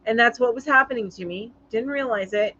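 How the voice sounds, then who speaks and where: A woman hosts a casual live-stream chat and reads viewer comments aloud. She sounds chatty and sympathetic and often stops on fillers, and her voice sits somewhat high. The audio is dull and lo-fi. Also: pushed and bright. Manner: chatty, sympathetic, halting with many ums. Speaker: live show host.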